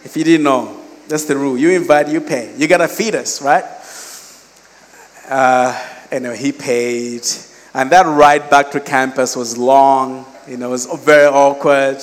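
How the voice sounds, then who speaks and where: A pastor from Malawi preaches in an unhurried, medium-pitched voice, telling stories conversationally with animated quoted voices and casual asides. The sound suggests a big room.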